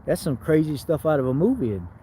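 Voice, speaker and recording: A man's voice: fairly high pitch, very animated, fast talker, warm tone, a little hiss or hum, rough recording. A man vlogging, telling a personal story in a rambling, emotional way, often repeating his words.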